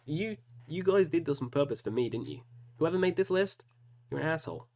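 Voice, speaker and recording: A man's voice: on the high side, lively intonation, a little fast, a little mellow. A man hosting a casual solo video, talking through music matchups and groaning over hard choices with self-mocking asides. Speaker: metal reaction host. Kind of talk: casual solo commentary while picking albums.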